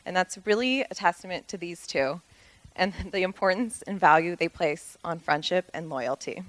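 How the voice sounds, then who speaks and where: A woman's voice: fairly low pitch, moderate pace, low-quality recording. A woman reading a prepared, fond wedding toast about a long friendship, with light laughs between phrases.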